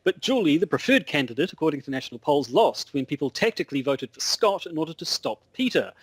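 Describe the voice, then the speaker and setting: A man's voice: fairly high pitch, very animated, fast, breathy edge, no echo. A man putting on an Australian accent to play a blustery male news correspondent in a comedic podcast bit. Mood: mock newsy. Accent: put-on Australian. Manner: breaks character, laughs, rambles.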